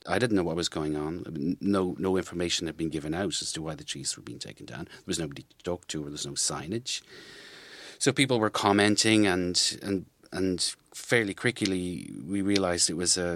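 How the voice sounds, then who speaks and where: A man with a very deep voice recounts events in an interview. He is plain-spoken and matter-of-fact, sometimes restarting his sentences. The sound is dry and close. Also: a bit bright, no room sound. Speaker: interviewee, local walker.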